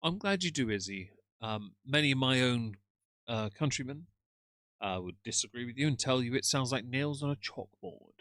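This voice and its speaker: A man's voice: medium pitch, animated, moderate pace, fairly bright tone, dry recording. A middle-aged man from England, live streaming and reading chat comments in a dry, teasing, sardonic way.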